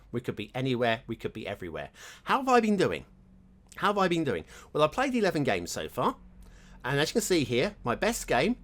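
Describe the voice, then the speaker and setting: A man hosting his own gaming channel, chatting and thinking aloud while commenting on his gameplay. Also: medium pitch.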